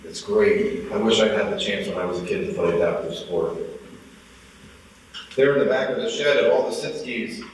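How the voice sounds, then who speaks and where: A man in his forties giving a motivational speech, telling a personal story and getting more animated as he goes. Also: lowish voice, normal speed, a little hiss or hum. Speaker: motivational speaker. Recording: echoey hall, from far off.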